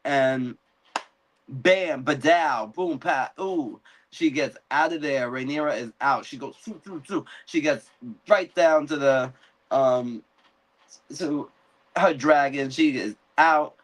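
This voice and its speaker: Male host, mid pitch, casual and animated recap, acts out quotes. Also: slow, poor audio. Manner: animated, acts out characters' lines. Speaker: podcast host. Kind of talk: casual live-stream episode recap.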